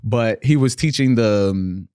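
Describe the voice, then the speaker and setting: A man hosting a podcast, chatting casually with lots of laughter, street slang and animated storytelling. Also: on the low side, unhurried, smooth, no room sound, clean studio sound. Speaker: podcast host. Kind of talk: casual interview chat. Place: podcast studio.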